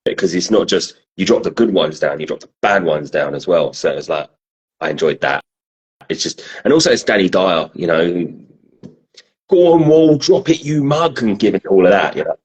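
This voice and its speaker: Man, very low voice, blunt, opinionated, casual podcast chat. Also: a little fast, poor audio.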